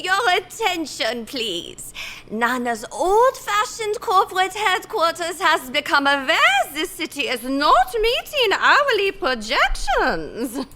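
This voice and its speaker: A woman's voice: high voice, pushed and bright, slight background noise, exaggerated voice. An actress playing a bossy, villainous grandmotherly candy tycoon who flips between sugary sweetness and snapping orders. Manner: sugary then snapping, domineering. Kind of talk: game cutscene voice acting.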